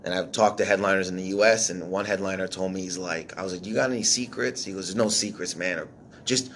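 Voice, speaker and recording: A Canadian-raised stand-up comedian, a man, telling his story in casual, profane, animated chat. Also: sits low, fast, a little hiss or hum.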